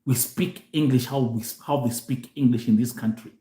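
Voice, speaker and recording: A mid-range, steady, mellow voice carries this Kenyan host's live monologue at normal speed, with reverberation in the room. He speaks animatedly to viewers in a blend of Swahili and English, frequently repeating himself.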